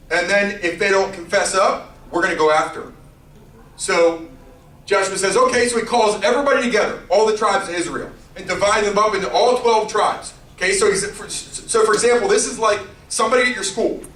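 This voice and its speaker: A man giving a youth sermon, telling a story in an animated, playful way with character voices. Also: high-pitched, echoey room, recorded from a distance, poor audio. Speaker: youth pastor.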